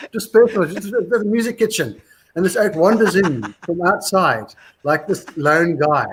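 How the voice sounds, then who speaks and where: A man's voice: high-pitched, a little slow, a little hiss or hum. A man in his sixties with a South African accent, a musician guest telling rambling, wry anecdotes in a casual interview. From Scotland, raised in South Africa.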